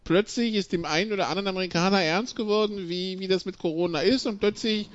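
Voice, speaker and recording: A man's voice: high-pitched, quick pace. A man hosting a casual sports chat who speaks a little hesitantly, stopping to search for words. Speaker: podcast host. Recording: dull dry lo-fi audio.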